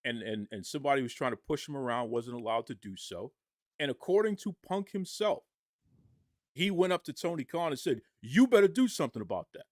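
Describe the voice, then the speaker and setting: A man's voice: mid-range voice, expressive, fairly quick, no room sound, studio quality. Fired-up man arguing his case. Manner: argumentative, rhetorical questions. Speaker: podcast commentator. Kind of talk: impassioned wrestling commentary.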